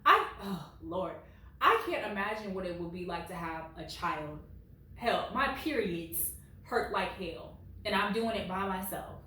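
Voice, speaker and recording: A woman in her late twenties reading reddit stories at home with blunt, animated commentary, peppered with "like". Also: medium pitch, a little slow, a little hiss or hum. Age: late 20s. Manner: blunt and animated, heavy use of "like". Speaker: reddit story reader. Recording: very echoey room, far from mic.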